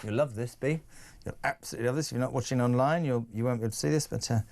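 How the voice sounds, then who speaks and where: A man's voice: medium pitch, racing, creaky, darkish tone. A man, hosting a talk radio show with brash, teasing, sarcastic banter. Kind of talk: lively opinionated talk radio.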